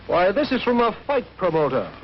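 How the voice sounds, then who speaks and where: An actor playing a confident young district attorney who teases and gives orders, in a 1930s film. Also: male voice, sits high, sing-song, moderate pace. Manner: teasing, commanding. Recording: dull old film soundtrack with faint hiss.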